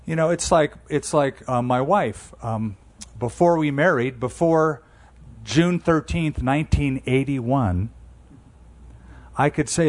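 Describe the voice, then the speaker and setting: A man in his sixties preaching a sermon in a conversational, emphatic way, slowing down on key phrases. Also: mid-range voice. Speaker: pastor.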